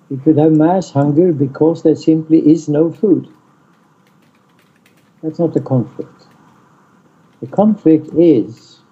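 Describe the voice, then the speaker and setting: A man lecturing in an online seminar, deliberate and blunt, stressing single words, over muffled call audio. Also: a little high, mellow, breathy edge. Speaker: lecturer on peace studies. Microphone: video call.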